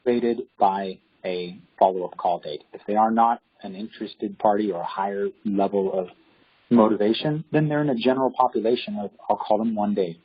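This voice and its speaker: Husky man telling real estate stories. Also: on the low side, moderate pace. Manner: animated, acts out quoted voices. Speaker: real estate agent guest. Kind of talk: casual interview storytelling. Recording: dull lo-fi audio.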